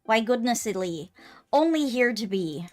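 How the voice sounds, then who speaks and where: A woman's voice: fairly high pitch, lively intonation, unhurried, soft background music. A woman voicing a quaint ancient forest creature, speaking in broken archaic phrases with tender affection. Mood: fond.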